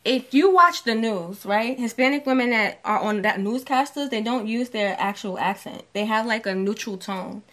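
A woman's voice: a little high, moderate pace, hardly any pauses, fairly bright tone. Talkative New woman. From New York. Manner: talkative, explains her points at length and acts out other people's voices. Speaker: podcast co-host. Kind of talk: casual chat.

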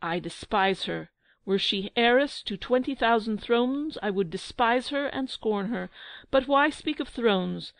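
A woman's voice: on the high side, expressive, measured pace, creaky, dry recording, poor audio. A woman voicing a haughty young prince who has lost his throne, mocking and proud in a storybook reading. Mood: scornful.

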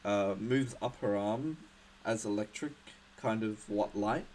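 A man's voice: lowish voice, measured pace, a little mellow, slight background noise, low-quality recording. A man narrating as game master for a tabletop game, hesitant and full of fillers and restarts.

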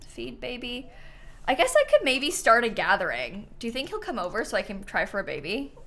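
A young woman chatting casually to her viewers while playing a game live, animated and talking back to the game. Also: medium pitch. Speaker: streamer. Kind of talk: casual live-stream gameplay chat. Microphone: headset.

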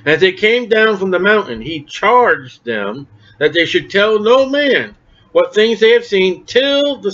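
A man with a rather high voice leads a lively verse-by-verse Bible study sermon. He talks in a conversational way and acts out the people he quotes. The recording sounds dull and lo-fi. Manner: animated and conversational, acting out quoted speakers. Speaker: Bible teacher.

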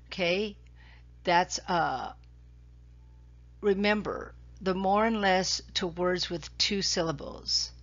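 A woman's voice: fairly low pitch, lo-fi sound. A woman teacher talking through grammar slides in a recorded lesson, patient and repetitive, checking in with "okay?". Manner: slow, patient, repeats key points with "okay?".

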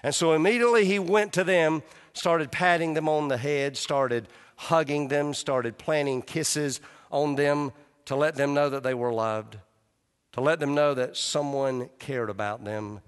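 Fervent preacher in a reverberant church. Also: male voice, on the high side, clear, resonant tone. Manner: fervent preaching that drops to a hushed, slow intimacy. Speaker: pastor. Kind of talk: sermon. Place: large church sanctuary. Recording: live church hall reverb.

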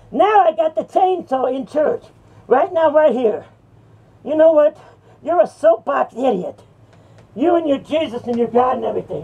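A woman voicing a sneering male horror character in an improvised rant, taunting and mocking with sudden shouts and cackles, recorded on a distant mic with faint noise. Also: sits high, gravelly, exaggerated voice.

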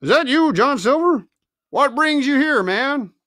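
A gruff old ship's captain, as a man reads him, clipped and blunt, his voice pushed up high and loud when surprised. He speaks tersely, wasting no words. The recording is close and dry. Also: expressive, unhurried, no room sound, full character voice.

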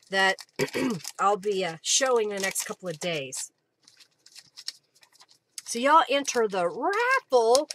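A woman hosting a live craft stream, chatting casually, thanking viewers by name and often clearing her throat. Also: medium pitch, a bit bright, slight background noise.

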